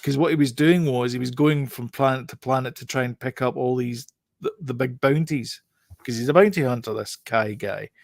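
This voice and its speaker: A man's voice: mid-range voice, normal speed, creaky, no echo. Rambling male film reviewer, dry sound. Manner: rambling, hesitant, many fillers and restarts. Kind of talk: casual chat.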